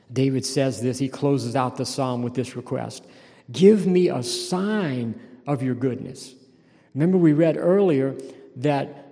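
A man's voice: mid-range voice, dark tone. A male pastor with a Louisiana accent, preaching a folksy, emphatic sermon with bursts of intensity on scripture. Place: church sanctuary. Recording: long reverb of a large hall.

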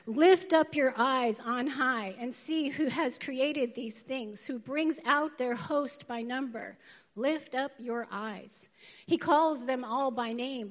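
A middle-aged woman pastor preaching a lively, feisty sermon and laughing often, recorded in a church auditorium. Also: a little high. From northern United States. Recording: long reverb of a large hall.

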